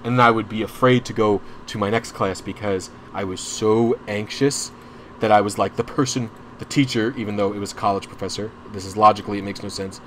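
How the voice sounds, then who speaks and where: A man's voice: fairly low pitch, steady tone, fairly quick, fairly bright tone, a little hiss or hum. Rambling young man telling a story. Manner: rambling, full of restarts and asides; openly anxious and frustrated as he recounts. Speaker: streamer. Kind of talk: casual storytelling chat.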